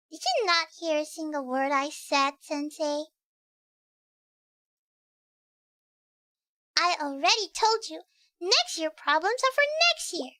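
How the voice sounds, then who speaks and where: A woman's voice: high-pitched, lively intonation, moderate pace, sharp tone, dry recording, clean studio sound. A woman voicing a mischievous, bratty teenage schoolgirl who teases and whines in a giggly way. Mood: pouting. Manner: teasing, whiny, giggly. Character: mischievous bratty teen schoolgirl, cheeky and carefree. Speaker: streamer reading game dialogue. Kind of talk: voicing game story dialogue. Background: background music.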